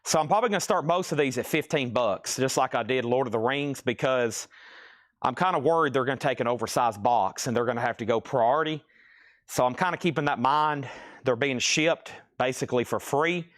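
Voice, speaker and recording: A man's voice: medium pitch, brisk, a bit bright. Man, mid-range voice, live-stream auction host; joking patter, rattles off prices and bids, a bit winded. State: out of breath.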